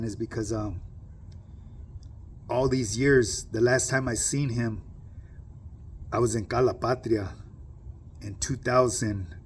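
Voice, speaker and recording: A man's voice: lowish voice, slight background noise. A middle-aged man, casually telling a personal story to camera in streetwise slang and often asking "you know what I mean".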